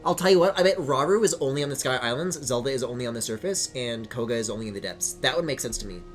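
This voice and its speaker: A male streamer chatting casually over a video game, rambling and swearing. His pitch swings widely, jumping into high excited squeals. Faint game music plays behind him. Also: quick pace. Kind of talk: casual live-stream commentary.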